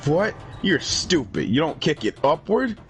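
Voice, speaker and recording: A man's voice: fairly high pitch, sing-song, a little slow, a bit bright, a little hiss or hum. A young man joking crudely and teasing his friend while they watch a game. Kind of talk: casual gaming banter.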